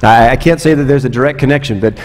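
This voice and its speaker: A man's voice: mid-range voice, quick pace, darkish tone, long reverb tail, faint music behind. A man pastor preaching a sermon, conversational, asking the listeners rhetorical questions. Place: church sanctuary.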